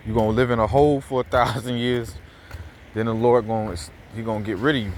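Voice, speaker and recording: A man's voice: mid-range voice, steady tone, fast talker, a little hiss or hum. A man giving casual, heated commentary while out walking, rambling with fillers and repeats, swearing freely. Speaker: scripture commentator. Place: outdoors, walking around a neighborhood.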